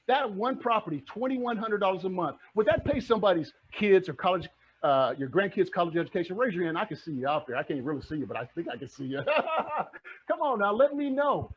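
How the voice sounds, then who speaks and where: A man's voice: sits high, expressive, quick pace, a little hiss or hum. A middle-aged man giving a motivational presentation to a club, full of energy and firing rhetorical questions at the audience. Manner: acts out the audience's replies. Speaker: real estate investor and presenter. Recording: dull lo-fi recording.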